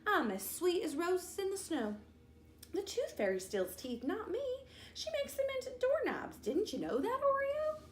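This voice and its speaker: A woman's voice: very high-pitched, huge pitch swings, unhurried, voice pushed up, full character voice. A woman reading a storybook aloud, voicing a mischievous little girl who teases her sister in a sing-song way. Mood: teasing. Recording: roomy echo.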